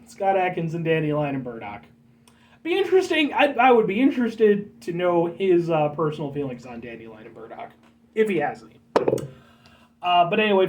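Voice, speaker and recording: A man's voice: high-pitched, distant mic, rough recording. An American man hosting a casual vlog, rambling and joking as he talks to his viewers as folks. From United States. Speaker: vlog host.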